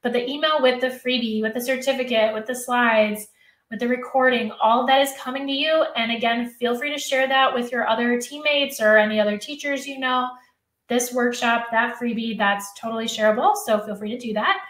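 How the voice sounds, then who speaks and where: A woman's voice: on the high side, fairly quick, a bit bright, reverberant. A woman hosting a live teacher workshop, answering chat questions by name in a chatty, self-correcting way, and she is losing her voice.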